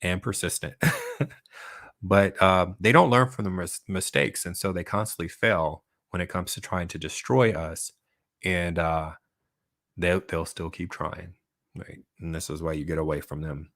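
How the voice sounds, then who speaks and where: A man's voice: deep voice, sing-song, measured pace, a bit bright, dry recording, clean studio sound. A man hosting his own channel, talking casually and at length to his viewers and reacting to their comments, often tagging on "right?" and laughing between points. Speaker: channel host. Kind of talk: casual livestream monologue answering viewer comments.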